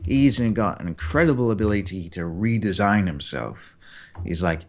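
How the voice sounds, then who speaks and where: A man with a somewhat low voice, chatting as a guest about his craft. He talks with lively energy and slips into short performed lines to make his points. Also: normal speed. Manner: animated, acts out example lines. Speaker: guest voice actor. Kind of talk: casual interview chat.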